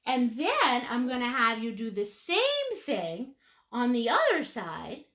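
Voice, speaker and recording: A woman's voice: fairly high pitch, huge pitch swings, slow, a bit bright. A woman teaching a live painting lesson step by step, playful and chatty, with sing-song asides. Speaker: painting instructor.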